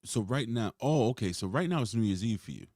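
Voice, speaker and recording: Deep, lively, profane American wrestling co-host. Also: male voice, a little fast, no echo, clean studio sound. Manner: profane, joking, mocking impressions. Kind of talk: casual wrestling review chat.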